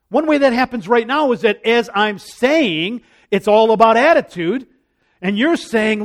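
High-voiced earnest male preacher. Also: brisk. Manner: earnest, repeats phrases, drops to a hush for prayers. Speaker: pastor. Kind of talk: conversational sermon.

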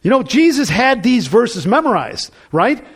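A man delivers a sermon in a high, animated voice that swoops widely in pitch. He talks to the congregation conversationally, then pushes into emphatic bursts. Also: a little slow, breathy edge. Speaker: pastor.

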